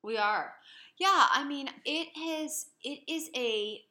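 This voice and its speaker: A woman's voice: sits high, slow, pushed and bright, roomy sound. A woman in her thirties co-hosting a casual chat, telling stories expressively and reacting with gasps. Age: 30s. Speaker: podcast co-host.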